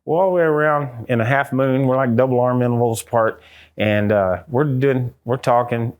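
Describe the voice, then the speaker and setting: A man's voice: medium pitch, moderate pace. Middle-aged american dude telling ghost stories, goes way up when he does other voices. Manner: acts out quotes in a raised excited voice. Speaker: ghost hunter guest. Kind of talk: animated storytelling interview.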